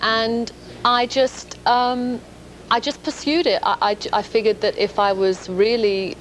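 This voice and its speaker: A woman's voice: on the high side, fairly even intonation, unhurried, a little hiss or hum, rough recording. A woman in her thirties from London with a London accent, chatting as a guest on a TV shopping show and laughing often. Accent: London English. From England. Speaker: guest actress. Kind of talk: casual chat. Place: TV shopping studio.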